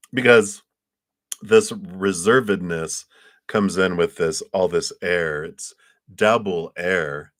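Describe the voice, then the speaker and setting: A man giving a casual, upbeat and reassuring tarot reading on a livestream, a little drowsy and yawning. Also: sits low. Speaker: tarot reader.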